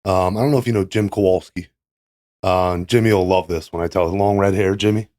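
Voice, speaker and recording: Earnest man with a low voice. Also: steady tone, darkish tone, no echo, studio quality. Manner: earnest, halting, many fillers. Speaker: podcast guest. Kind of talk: casual conversation about recovery.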